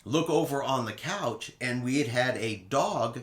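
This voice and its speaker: A man hosting a travel vlog, telling a casual cruise recap in an animated way and acting out quotes dramatically. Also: medium pitch, measured pace, reverberant. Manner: animated storyteller who acts out quotes dramatically.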